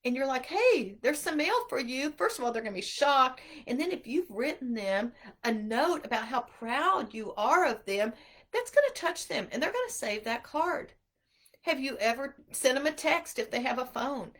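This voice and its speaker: A middle-aged woman giving an earnest, animated inspirational talk to mothers about homeschooling. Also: high-pitched, moderate pace. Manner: animated, earnest, acts out quotes. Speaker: homeschool speaker.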